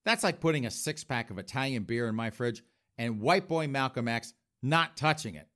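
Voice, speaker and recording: A man's voice: medium pitch, lively intonation, normal speed, fairly bright tone. A man hosting a podcast, delivering a sarcastic, campy comedic monologue. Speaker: podcast host.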